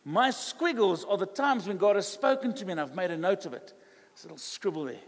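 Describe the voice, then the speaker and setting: A high-pitched male pastor with a South African English accent delivers a chatty, animated sermon, slipping into quoted voices as he tells stories. His voice carries a long reverb from the church hall. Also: brisk. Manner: conversational, animated preaching that acts out quoted dialogue.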